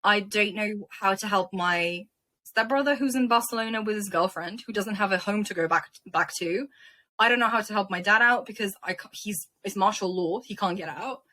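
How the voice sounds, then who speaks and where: A young woman from Ukraine, interviewed as a guest, retelling events in an animated, emotional way. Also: medium pitch, moderate pace. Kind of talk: casual interview storytelling.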